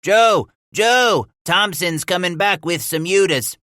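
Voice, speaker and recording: A man's voice: a little high, measured pace, no room sound, clean studio sound, voice pushed up. A man voicing a young male trapper lookout who calls out urgent warnings. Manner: urgent, shouting.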